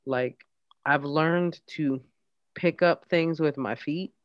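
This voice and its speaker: A woman's voice: deep voice, slow, dry recording, highs cut off. A woman co-hosting a podcast in casual chat, playful and teasing. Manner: playful, teasing, mock-scolding. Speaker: podcast co-host.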